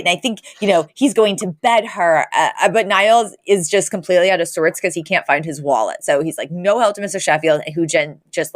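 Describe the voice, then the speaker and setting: With a fairly low voice, this podcast co-host walks through a TV episode casually, bringing the story to life by acting out quotes from the characters. The audio is dry and studio quality.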